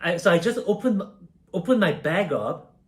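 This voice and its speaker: A man's voice: high-pitched, expressive, normal speed, noisy background. A young man from South Korea casually telling a story while baking, rambling and self-deprecating, with many fillers. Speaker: streamer.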